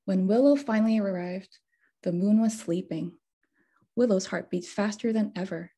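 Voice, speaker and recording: A woman author reading her picture book aloud at a bookshop storytime, expressive and unhurried. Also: medium pitch, husky. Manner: slow, expressive storytime reading with sound words. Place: bookshop event space.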